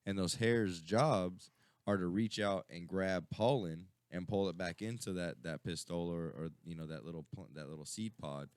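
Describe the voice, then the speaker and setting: A man's voice: sits low, normal speed, clear, resonant tone, no room sound. A man co-hosting a casual radio chat, rambling and swearing, full of fillers and restarts. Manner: rambling, profane storytelling with many fillers. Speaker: radio show co-host.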